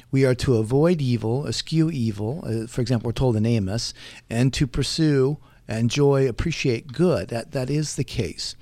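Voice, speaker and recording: A man's voice: mid-range voice, a little mellow, dry recording. Dry male theology professor. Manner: lecturing, many uh fillers. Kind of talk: radio talk show.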